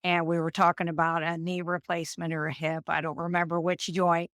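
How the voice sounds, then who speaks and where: A nurse in her fifties is a guest in a storytelling interview, speaking fairly quickly in a voice on the low side. She tells animated stories and takes on the voices of those she quotes. Her recording is close and dry with no echo.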